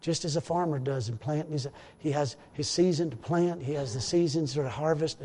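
A man's voice: a little high, brisk, darkish tone, slightly rough, in a large hall. A man preaching a rambling, repetitive sermon in a church, full of hallelujahs. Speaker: pastor.

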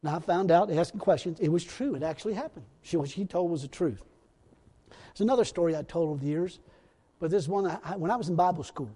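A man's voice: fairly high pitch, fast, warm tone, husky. Folksy preacher man in an echoing hall. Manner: folksy, rambling, laughs at his own stories. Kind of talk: storytelling sermon. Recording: long reverb in a hall.

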